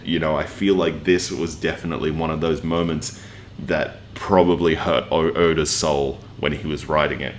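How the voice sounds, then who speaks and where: With a very deep voice, this man reviews manga in a casual chat, rambling earnestly through plenty of fillers. You can hear how emotionally invested he is, and there's slight background noise.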